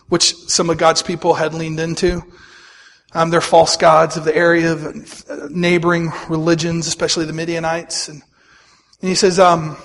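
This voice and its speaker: Male pastor, high voice, lively sermon delivery that acts out the characters, big echoing sanctuary. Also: moderate pace. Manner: animated, acts out voices in Bible stories. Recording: long hall reverb.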